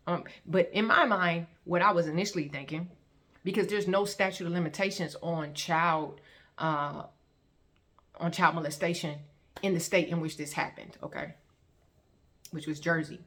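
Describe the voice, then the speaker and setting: A woman telling her personal story as testimony, in an animated, repetitive storytelling manner. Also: on the low side, moderate pace. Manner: animated storytelling with repeated phrases and acted-out quotes. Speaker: testimony vlogger.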